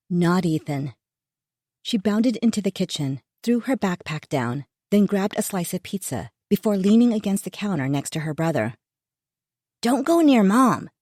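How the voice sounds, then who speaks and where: In a low, mellow register, a female narrator reads a first-person thriller with tense, measured control. There's no echo or room sound; the audio is dry and intimate.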